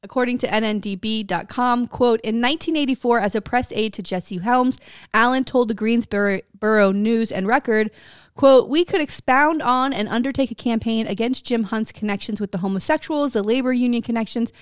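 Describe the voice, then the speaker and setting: A young woman from Florida co-hosting a podcast, chatting in a loud, profane, animated way and laughing often. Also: on the high side, moderate pace, clean tone, dry recording, clean studio sound. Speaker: podcast co-host. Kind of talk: casual chat.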